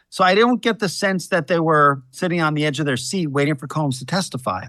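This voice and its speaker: A man who is a defense lawyer, telling the story of his case in measured interview answers. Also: fairly high pitch, sharp tone, no room sound.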